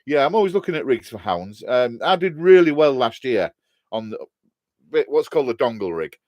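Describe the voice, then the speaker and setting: A man's voice: medium pitch, very animated, normal speed, a little mellow, no room sound. A middle-aged man with a Hull, East Yorkshire accent, chatting casually on a live stream, answering viewer comments in a jokey, rambling way and laughing often.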